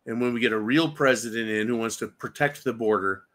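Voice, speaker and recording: Brisk, medium-pitched and fairly bright, the man's voice carries an enraged political commentary monologue. As host of the show, he rants with lots of cursing and rhetorical questions.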